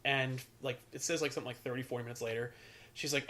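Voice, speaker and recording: Bright-voiced man rambling through a comic recap. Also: mid-range voice, steady tone, quick pace. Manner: rambling, profane storytelling with many fillers. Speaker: podcast host. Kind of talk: casual chat recapping a comic.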